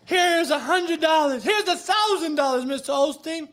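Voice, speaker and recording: A man's voice: extremely high pitch, moderate pace, fairly bright tone, pitched above the performer's own voice. Man doing a squealing starstruck churchgoer. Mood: adoring. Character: gushing gullible adoring churchgoer.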